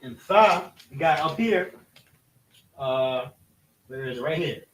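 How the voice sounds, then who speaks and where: Man, bible lesson at a board, halting, self-correcting, slightly high voice, picked up from across the room. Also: lively intonation, fairly bright tone. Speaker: religious study teacher. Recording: roomy echo, voice from a distance.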